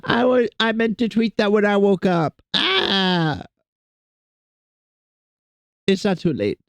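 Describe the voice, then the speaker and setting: A man's voice: high-pitched, lively intonation, slow, gravelly, a bit bright, clean tone, no room sound. A man streaming and chatting casually with his viewers, rambling and self-deprecating as he greets people in chat.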